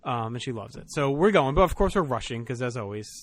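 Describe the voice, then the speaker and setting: A man hosting a casual podcast, talking in a relaxed way and swearing freely. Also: medium pitch, quick pace, no room sound. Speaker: podcast host.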